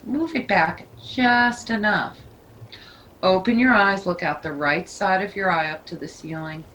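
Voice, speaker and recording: A woman leading a yoga class, giving calm, soothing cues. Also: medium pitch, unhurried, poor audio. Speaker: yoga teacher. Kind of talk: guided yoga instruction.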